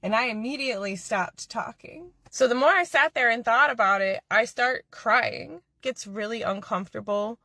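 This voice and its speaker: A woman's voice: a little high, moderate pace, gravelly, hardly any pauses, pushed and bright, no room sound. A woman telling a personal story to the camera in an earnest, confiding way. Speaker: social media storyteller.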